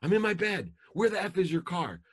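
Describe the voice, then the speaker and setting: A man's voice: mid-range voice, lively intonation, moderate pace, fairly bright tone, breathy edge, voice pushed up. A man voicing a teenage girl answering her dad. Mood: upset. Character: teenage daughter, calm then upset.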